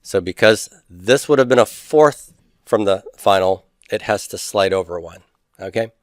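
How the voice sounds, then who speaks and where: A man's voice: on the low side, normal speed, dry recording, clean studio sound. A man teaching a Greek grammar lesson, chatty and teasing, drilling word forms aloud. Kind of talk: recorded classroom lecture.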